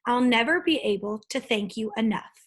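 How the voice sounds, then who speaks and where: A polite, gentle male dragon from a children's storybook, grateful and a little worried, voiced by a woman reading aloud. The tone is soft, slightly high and husky. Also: moderate pace, close to an everyday voice.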